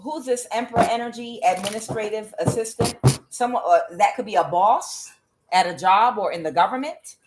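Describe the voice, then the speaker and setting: A woman reads tarot cards in a heated, cursing monologue. She mocks and scolds the people she means, with lots of "uh" between phrases. Her voice sits at an ordinary middle pitch for a woman. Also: normal speed, very noisy. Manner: angry, profane, mocking, with many fillers. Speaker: tarot reader. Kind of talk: ranting tarot reading monologue.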